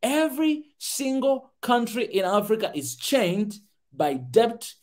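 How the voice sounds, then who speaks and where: High-voiced man, fiery and repetitive. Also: big pitch swings, slow, darkish tone. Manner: emphatic, repeats key words over and over. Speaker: podcast host. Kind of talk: passionate commentary reacting to a video.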